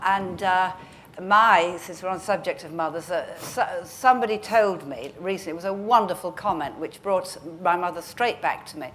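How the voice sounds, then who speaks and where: A woman's voice: on the low side, a little hiss or hum. A woman in her sixties, a guest author, chatting wittily and with plenty of animation. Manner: witty, animated, quick to laugh. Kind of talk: casual chat.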